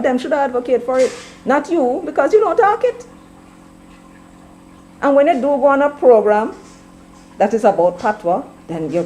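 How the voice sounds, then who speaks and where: Jamaican woman host, forceful opinion talk, slips into patois, warm dark tone. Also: mid-range voice, a little hiss or hum, low-quality recording. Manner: emphatic, mixing patois into English. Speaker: commentary show host. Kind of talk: opinionated live-stream commentary.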